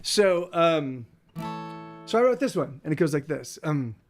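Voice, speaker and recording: A man's voice: a little high, sing-song, a little slow, loud music behind the voice. A man who works as a musician tells a story casually on a livestream, rambling and cutting himself off. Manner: rambling, self-interrupting, softly spoken. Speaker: working musician and streamer.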